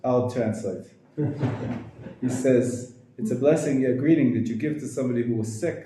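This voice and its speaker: A man's voice: mid-range voice, normal speed, noisy background. A man teaching a class, patiently drilling pronunciation and encouraging his students. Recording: very echoey room.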